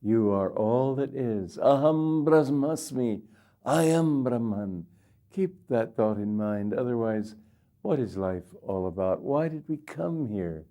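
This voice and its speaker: An older man giving a reflective spiritual talk as a teacher, gently humorous. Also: mid-range voice, animated, takes it slowly. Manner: reflective, gently humorous, quotes others in little voices.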